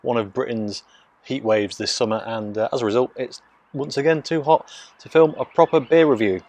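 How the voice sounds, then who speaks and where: A man, from Nottingham, casually reviewing a beer in hushed, half-whispered tones, recorded on a phone mic out in his garden. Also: medium pitch, moderate pace. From Nottingham, England. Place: outdoors in a home garden.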